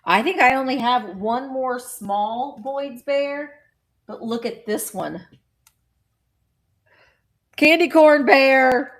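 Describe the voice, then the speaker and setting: A woman's voice: fairly high pitch, slow. A woman chatting casually while running a live vintage auction, bubbly and playful with sing-song noises.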